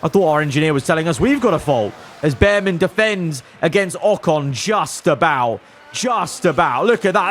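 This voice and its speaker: A man commentating his own racing management game, cheering on his drivers and swinging between calm analysis and elated outbursts. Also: on the high side, normal speed, slight background noise. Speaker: gaming YouTuber.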